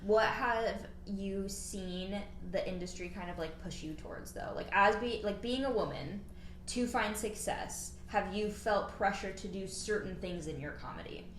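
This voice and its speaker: A woman's voice: medium pitch, measured pace. A woman hosts a casual kitchen interview and keeps the talk going with questions and frequent short nods of agreement. Her voice is recorded in an echoey room with faint noise underneath. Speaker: host.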